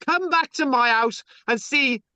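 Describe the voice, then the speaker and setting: A man's voice: very high voice, unhurried, pushed and bright, dry recording. A man telling stories in casual chat, rambling and stammering, tagging lines with "right?". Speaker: channel host. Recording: dull lo-fi sound.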